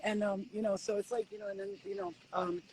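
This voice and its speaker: A woman giving spiritual readings at home in a casual live-stream chat, animated and swearing freely as she acts out conversations with spirits. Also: extremely high pitch, fast talker, gravelly, a little hiss or hum, poor audio. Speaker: spiritual reader.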